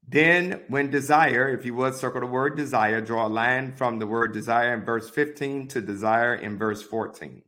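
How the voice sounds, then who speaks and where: A man teaching a Bible study, reading verses aloud and pausing to give deliberate, repeated marking instructions. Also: medium pitch, bright, forceful tone. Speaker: pastor.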